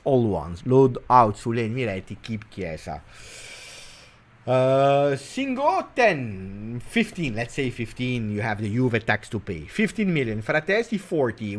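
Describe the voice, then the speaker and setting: A man hosting a casual football talk show, animated and teasing, jumping between loud bursts and quiet mutters. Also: mid-range voice. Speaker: football channel host. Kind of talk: casual live commentary.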